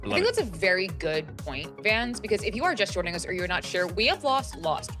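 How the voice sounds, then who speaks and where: A woman's voice: mid-range voice, very animated, a little fast, music in the background. A woman hosting a live esports desk show in a bubbly, chatty way. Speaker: host.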